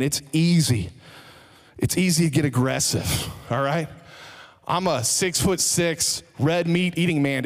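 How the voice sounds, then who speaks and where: A male pastor preaching a sermon in a church service, energetic, repeating key phrases for emphasis and tossing joking asides to the congregation. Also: a little high. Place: church sanctuary, live service.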